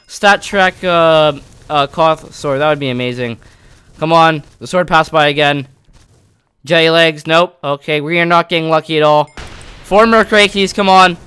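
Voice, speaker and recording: A young man from Canada casually commentating his own gameplay, excitable and yelling at near misses. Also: fairly high pitch, clear, resonant tone. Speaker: gaming YouTuber.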